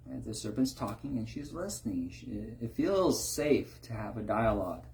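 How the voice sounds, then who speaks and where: A man's voice: medium pitch, very animated, normal speed, creaky, darkish tone. A man giving an informal sermon, often tagging his points with a rhetorical question. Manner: rhetorical, keeps asking "right?". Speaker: preacher.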